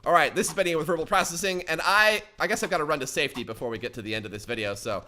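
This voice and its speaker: A man's voice: a little high, racing, few pauses, bright, forceful tone. A man hosting a gaming channel, giving joking let's play commentary and often yelping in surprise.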